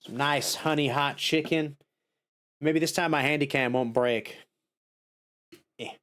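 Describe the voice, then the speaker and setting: A man streaming a game live, chatting casually in a goofy, giggly, excitable way. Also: a little high, a little slow.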